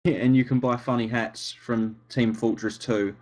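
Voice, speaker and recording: Casting: British male co-host, joking banter, mid-pitched, audible hiss on his line. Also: fairly even intonation, measured pace. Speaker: podcast co-host. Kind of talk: casual chat.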